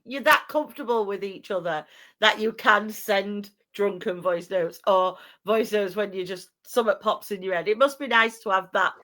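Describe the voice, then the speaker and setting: A woman's voice: medium pitch, normal speed, a bit bright. A woman hosting a podcast, laughing often and speaking reflectively over a video call. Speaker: podcast host.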